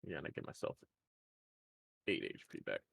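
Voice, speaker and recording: A man's voice: moderate pace, fairly bright tone. A man playing in a tabletop game who talks casually and mutters curses at his dice rolls.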